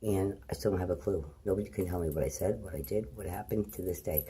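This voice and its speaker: A middle-aged woman vlogging, telling rambling personal stories in a blunt, profane manner that swings between loud and hushed. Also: extremely low pitch, quick pace, slight background noise.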